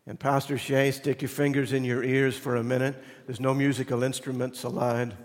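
A man preaching a sermon as pastor, moving between loud emphatic lines and hushed, almost whispered ones. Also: mid-range voice, level tone, moderate pace. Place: church sanctuary. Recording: long reverb of a church hall.

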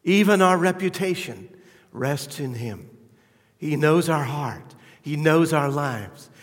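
Slow, fervent male preacher in a reverberant hall. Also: a little high. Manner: fervent, rising to emphatic peaks then dropping quiet. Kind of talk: sermon.

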